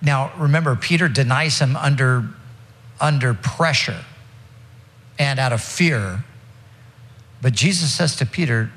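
Male pastor, mid-pitched, conversational sermon delivery with restarts, long hall reverb. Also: unhurried, long pauses, a bit bright. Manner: expository preaching with frequent restarts and fillers.

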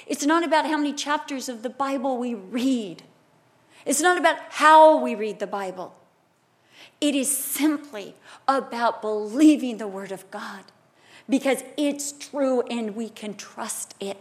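A woman preaching a sermon, telling stories with animated, loud cries. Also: high-pitched.

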